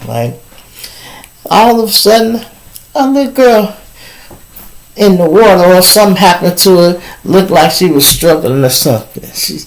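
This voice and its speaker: A man hosting his show, telling a story in a casual, animated, profane way and laughing between lines. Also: high-pitched, moderate pace, long pauses, poor audio. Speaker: show host.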